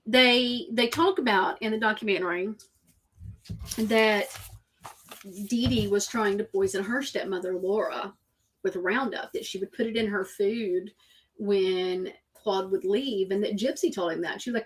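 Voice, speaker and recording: A woman's voice: medium pitch, fairly even intonation, a little slow, a bit bright. Woman, show host, emphatic casual talk, repeats points for effect.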